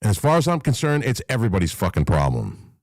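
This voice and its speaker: A man's voice: on the low side, huge pitch swings, fast, no room sound. Angry profane man. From New York, USA. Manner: angry, profane, emphatic, repeats himself. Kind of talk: heated live chat rant.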